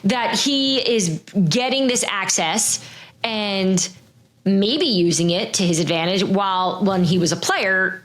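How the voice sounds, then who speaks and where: A middle-aged woman co-hosting a sports podcast, talking in an animated, chatty way full of fillers and restarts. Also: mid-range voice, takes it slowly. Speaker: podcast host, NFL insider. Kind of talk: casual chat.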